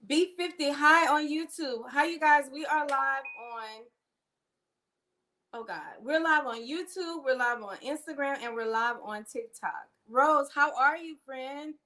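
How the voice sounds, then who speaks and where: A middle-aged woman, hosting a casual livestream and warmly greeting viewers by name. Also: high voice, measured pace. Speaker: livestream host.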